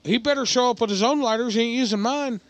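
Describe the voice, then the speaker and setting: A man in casual podcast banter, loud and animated, swearing and laughing often. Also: very high-pitched, fast talker. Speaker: podcast co-host.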